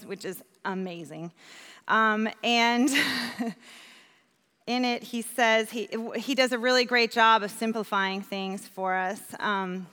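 A woman from New York giving an earnest personal testimony as a church volunteer, animated when she retells conversations. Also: medium pitch, clear, resonant tone, in a large hall.

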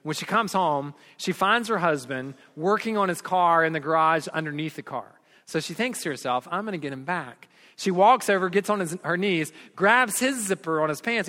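A man's voice: high voice, normal speed. Preaching man in a reverberant hall. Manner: storytelling preacher, builds up and drops to soft earnest tones. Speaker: pastor. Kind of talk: sermon.

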